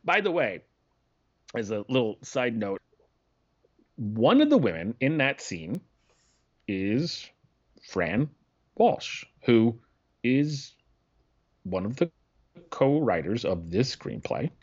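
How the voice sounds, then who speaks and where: An excitable man co-hosting a podcast, swearing freely and rambling through his thoughts. His voice sits at an average pitch. The sound is dull and lo-fi. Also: slow pace, pauses often, breathy edge. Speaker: podcast co-host. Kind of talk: casual chat.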